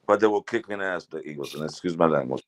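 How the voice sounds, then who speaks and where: A man's voice: rumbling low, animated, quick pace. A man joining a sports livestream as a guest, chatting casually and apologizing for his language. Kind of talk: casual call-in chat.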